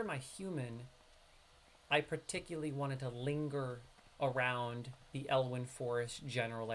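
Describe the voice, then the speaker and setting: Male streamer, New York accent, mid-pitched voice, chatty live gameplay commentary aimed at viewers. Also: fairly bright tone, slight background noise. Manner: chatty, talks straight to his viewers.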